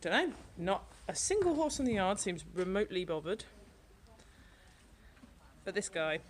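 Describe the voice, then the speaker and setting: A woman's voice: medium pitch, big pitch swings, moderate pace, slight background noise. A woman vlogging casually at a horse yard, chatting fondly to the animals. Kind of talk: casual vlog chat. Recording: background music playing.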